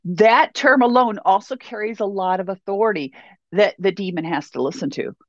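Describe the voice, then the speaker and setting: A woman's voice: medium pitch, normal speed, dry recording. A woman Bible teacher giving a sermon in an emphatic, repetitive way, on a dull, dry recording.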